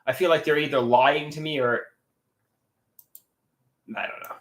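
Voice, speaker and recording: A man's voice: medium pitch, fairly even intonation, measured pace, long pauses, a bit bright, echoey room. A man livestreaming and talking about his artwork, agitated and swearing, often repeating himself and restarting his sentences. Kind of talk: casual livestream talk.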